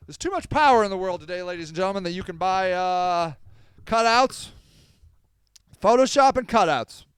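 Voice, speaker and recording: A man hosting a podcast, rambling sardonically and apologetically, swinging from loud to mumbled. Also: high voice, expressive, brisk, clean tone, dry recording, studio quality. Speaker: podcast host. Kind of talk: casual livestream podcast monologue.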